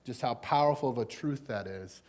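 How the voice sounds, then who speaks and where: A male pastor with a Southern US accent, preaching a conversational sermon in a folksy, informal way with animated emphasis. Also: medium pitch, normal speed. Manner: folksy, informal, with frequent fillers.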